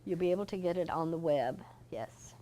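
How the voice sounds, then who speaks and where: A woman's voice: low voice, a little fast. Chatty older woman storyteller. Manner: animated storyteller with a chatty, folksy manner. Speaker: author guest. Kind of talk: interview storytelling.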